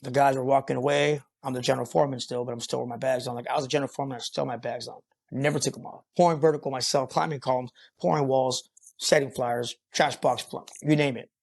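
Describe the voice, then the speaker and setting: A man's voice: medium pitch, steady tone, fast talker, gravelly. Profane, rambling construction foreman. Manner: rambling, profane, filler-heavy. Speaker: podcast guest, concrete foreman. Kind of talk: casual storytelling interview.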